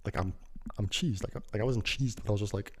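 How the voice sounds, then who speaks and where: A man's voice: lowish voice, quick pace, slightly rough. A young man telling a rambling casual story full of slang, acting out what people said. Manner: rambling, slangy, acts out quoted lines.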